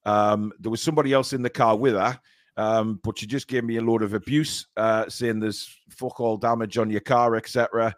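A man's voice: fairly low pitch, steady tone, normal speed, no echo, studio quality. A man co-hosting a casual fan chat show, speaking hesitantly with many ums and repeated words, sore and a little shaken. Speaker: co-host of a football fan show. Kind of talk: casual live-stream chat.

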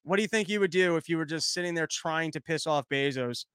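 A man's voice: a little high, quick pace, fairly bright tone, clear, resonant tone, no echo. A man hosting a podcast, giving rambling, profane, joking commentary on news stories in a casual chat. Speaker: podcast host.

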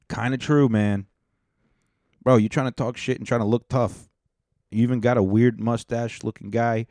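A man's voice: mid-range voice, moderate pace, a little mellow, dry recording, clean studio sound. A man hosting a podcast, reacting to viral clips in a casual, profane, laid-back way. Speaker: podcast host.

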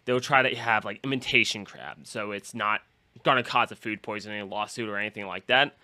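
A man's voice: on the low side, steady tone, brisk, bright, forceful tone, no echo. A man hosting a podcast, rambling through a story about his busy day and acting out the quotes. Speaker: podcast host. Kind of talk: casual podcast chat.

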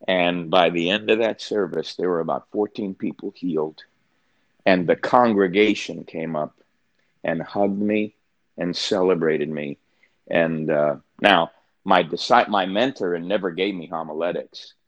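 A man's voice: sits low, unhurried, no room sound, muffled recording. An older man, a pastor, telling a personal story as an interview guest, earnest and often restarting his sentences.

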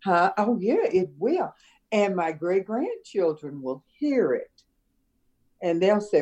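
An older woman, a retired schoolteacher from Chicago, reminiscing in a relaxed conversation and laughing often. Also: mid-range voice, slow, husky. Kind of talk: casual conversation.

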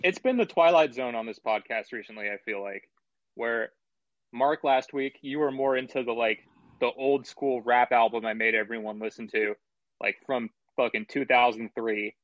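A man co-hosting a podcast, giving relaxed, reflective opinions in a casual music review chat. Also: mid-range voice, moderate pace, no room sound, muffled recording. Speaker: podcast co-host.

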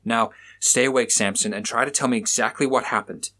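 A man doing a brisk police officer. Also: mid-range voice, sharp tone. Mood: commanding. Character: determined male police officer.

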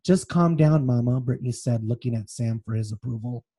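A man's voice: mid-range voice, a little fast, dark tone, husky. A man co-hosting a podcast, reading book passages aloud with feeling and chatting casually between them. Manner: reads excerpts aloud with feeling, then chats loosely. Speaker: podcast co-host.

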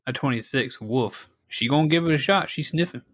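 A man's voice: medium pitch, fairly quick, a bit bright, no echo, studio quality. A man narrating as game master in a casual tabletop session.

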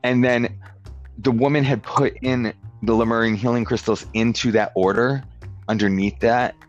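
A man's voice: mid-range voice, steady tone, normal speed. A man telling a story in casual chat, rambling and peppering it with "like", slipping into other people's voices when quoting them. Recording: dull lo-fi sound with faint guitar music.

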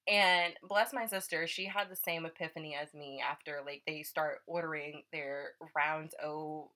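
A young woman telling a story in casual chat, animated and laughing often, acting out her own thoughts. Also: low-pitched, normal speed.

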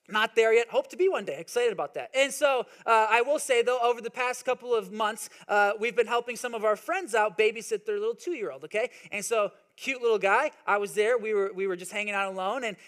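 High, bright-voiced young preacher. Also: male voice. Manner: conversational, animated storytelling with frequent "right?" asides. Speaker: pastor. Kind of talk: sermon.

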